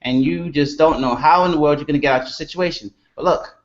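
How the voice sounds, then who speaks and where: A man's voice: a little high, brisk, gravelly, dull audio. A man speaking as a guest on a video call, giving an emphatic motivational pep talk built on repeated catchphrases.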